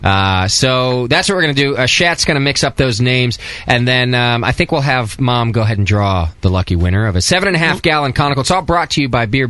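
A man's voice: mid-range voice, expressive, fairly quick, few pauses, fairly bright tone, smooth, no echo. A man hosting a casual homebrewing podcast, joking and reading sponsor plugs. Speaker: podcast host. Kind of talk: casual chat.

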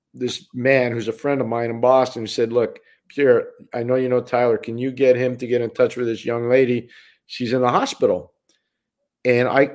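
A man's voice: medium pitch, darkish tone. A man co-hosting a sports podcast as a hockey analyst, talking earnestly and often repeating words as he restarts sentences. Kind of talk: casual sports chat.

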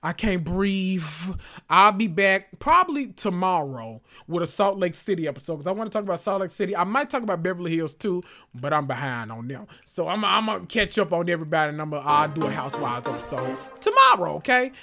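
A male podcast host recapping reality TV in a sassy, animated, gossipy way. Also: high voice, quick pace, few pauses, faint music behind. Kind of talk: casual reality TV recap monologue.

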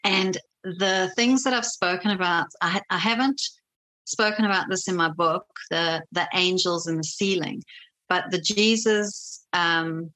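A woman casually telling her personal faith story as a guest, animated, with frequent laughs and many fillers. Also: fairly low pitch, measured pace, poor audio.

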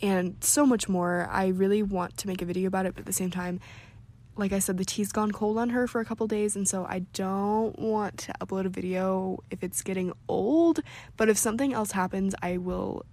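A young woman talks casually to her viewers in a mid-pitched voice. She leans on "like" and breaks into small giggles while reading out and reacting to viewers' stories. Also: steady tone, moderate pace, a little mellow. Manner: chatty, filler-heavy with frequent "like", giggly. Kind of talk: casual chat.

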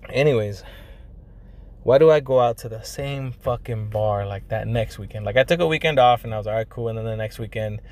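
The voice is fairly low, brisk and a little mellow: a young man relaying a personal story in a relaxed way. He swears, uses slang, fills gaps with "like" and "you know," and slips Spanish phrases in among the English.

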